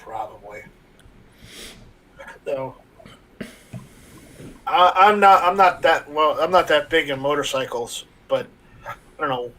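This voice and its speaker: A man's voice: fairly high pitch, slow pace, pauses often, sharp tone. A man co-hosting a casual livestream with dry, teasing banter. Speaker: co-host.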